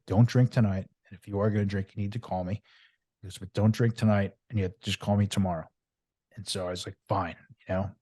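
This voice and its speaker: A middle-aged man from Long Island speaks, his voice very low and dark. He tells his story in a rambling, lively way, full of fillers and restarts. The recording is dry and close. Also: no room sound. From Long Island, New York. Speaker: podcast guest. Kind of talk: candid storytelling interview.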